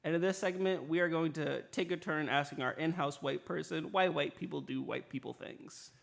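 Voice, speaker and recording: A man's voice: fairly high pitch, moderate pace, creaky. A young man hosting a casual podcast, keeping time on segments and laughing easily. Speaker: podcast host running segments. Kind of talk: casual chat.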